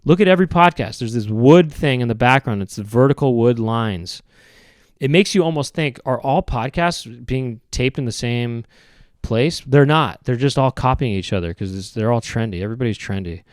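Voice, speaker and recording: A man's voice: mid-range voice, lively intonation, normal speed, clean tone, dry recording, studio quality. A man hosting a solo podcast, talking in a meandering, hesitant way with wry complaints about everyday habits. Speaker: podcast host. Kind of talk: rambling solo podcast monologue.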